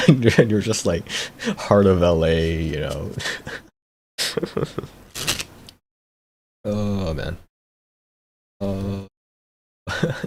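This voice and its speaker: A young man chats casually on his stream, rambling from one thought to the next. His voice is low and gravelly with plenty of fry. He often stumbles over repeated words and breaks into laughter. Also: darkish tone, a little hiss or hum. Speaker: VTuber streamer.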